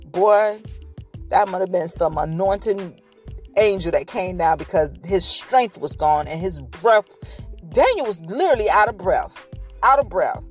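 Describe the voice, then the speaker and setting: A woman with a fairly low voice delivers an informal podcast sermon, earnest and direct with her listeners. She stumbles a little as she reads scripture aloud, and soft music plays faintly behind her. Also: lively intonation. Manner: conversational preaching, halting while reading scripture aloud. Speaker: podcast host.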